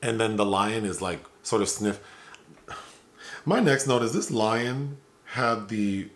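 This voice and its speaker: A man's voice: lowish voice, slow pace, fairly bright tone. A man hosting a film review podcast, chatting casually with fillers and laughter. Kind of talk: casual chat.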